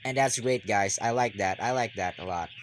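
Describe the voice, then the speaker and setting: A man giving live basketball reaction commentary, rambling and repeating himself, then bursting into excited yells. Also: on the low side, normal speed, a little hiss or hum.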